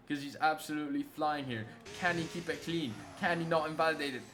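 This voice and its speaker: A young man from Italy, an excitable race commentator on a live stream who swears freely and banters with chat. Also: mid-range voice, brisk. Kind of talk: live sim racing commentary. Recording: noisy stream audio.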